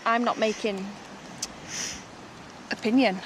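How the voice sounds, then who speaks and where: A woman's voice: steady tone, slow pace, slight background noise. A woman chatting casually in a family vlog, cooing at stray dogs in a singsong. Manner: coos at dogs in a high singsong. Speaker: family vlogger.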